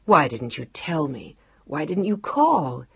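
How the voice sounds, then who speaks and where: A woman voicing an emotional young man in love in an audiobook, speaking softly and tenderly. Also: low-pitched, very animated, slow, vocal fry, slightly rough, no echo, lo-fi sound, heavily acted.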